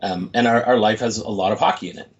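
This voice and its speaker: Brief: low-pitched man in his forties, upbeat storyteller, muffled stream sound. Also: steady tone, fast talker. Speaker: motivational speaker. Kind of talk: casual interview chat.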